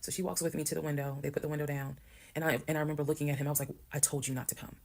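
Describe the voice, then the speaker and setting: A woman calmly telling a detailed personal story, acting out what others said. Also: low-pitched, very fast. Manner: calm, detailed, quoting others. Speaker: storyteller in a video.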